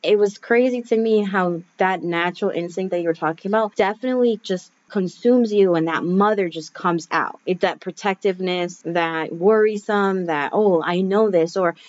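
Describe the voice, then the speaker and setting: A woman's voice: fairly low pitch, normal speed, few pauses, a little mellow. A woman chatting casually and thoughtfully about new motherhood, quoting herself and others as she goes. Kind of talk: casual chat about parenting. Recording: dull, muffled recording.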